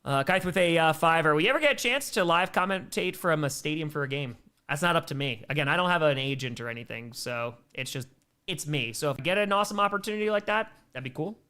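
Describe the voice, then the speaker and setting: Bright-voiced man calling live football. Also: on the high side, quick pace, clean tone. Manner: casual, answers viewer chat between plays, bursts of excitement on big plays. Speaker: livestream play-by-play commentator. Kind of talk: live play-by-play and chat reactions.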